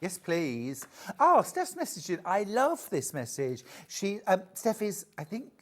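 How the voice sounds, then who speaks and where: A woman's voice: medium pitch, wildly swooping pitch, measured pace. A woman presenting on a sewing show, playful and bubbly, who reads out viewer messages. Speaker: shopping channel presenter. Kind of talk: casual live presenting chat.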